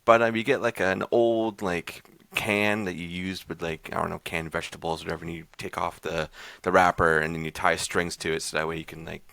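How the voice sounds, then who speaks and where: Gravelly low-voiced man recapping casually. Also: fairly even intonation, fairly quick, sharp tone, dry recording. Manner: rambling, loose, with many fillers and restarts. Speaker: podcast host reviewing horror short films. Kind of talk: casual chat, recapping a short film.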